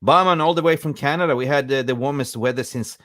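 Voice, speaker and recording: A man with a medium-pitched, slightly bright voice talks quickly in a clean studio recording with no room sound. He hosts a casual football podcast, live-streaming in a chatty, jokey way and greeting viewers by name.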